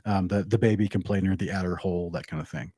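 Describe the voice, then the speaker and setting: A man who is a podcast guest, explaining Bible passages in a measured, teacherly way. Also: sits low, fairly even intonation, warm tone, dry recording. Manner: measured, explanatory, quotes verses. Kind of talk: casual chat, explaining scripture.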